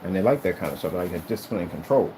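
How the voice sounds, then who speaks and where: A man's voice: low voice, lively intonation, very fast, very noisy. A man chatting casually to camera in an emphatic, rambling way, often repeating himself. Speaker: vlogger.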